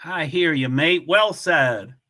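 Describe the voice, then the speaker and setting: A man's voice: fairly high pitch, slow, sharp tone. A man hosting a casual livestream, chatting with viewers and reading their comments aloud in a blunt, offhand way. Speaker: livestream host.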